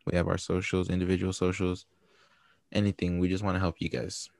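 A man's voice: low-pitched, monotone, fairly quick, gravelly, darkish tone, no echo, studio quality. A man co-hosting a podcast, giving frank, supportive advice in casual chat full of fillers. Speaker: podcast co-host.

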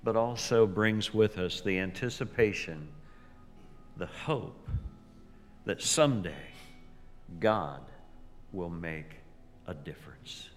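A male pastor preaching a sermon, slow and deliberate, swinging from loud emphasis to near whispers. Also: sits low, lively intonation, soft background music. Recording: long reverb of a large hall.

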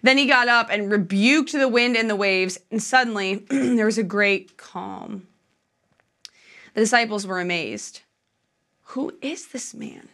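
A woman's voice: medium pitch, a little slow, sharp tone. A woman preaching a sermon in a church, telling the story in a chatty, conversational way with frequent fillers.

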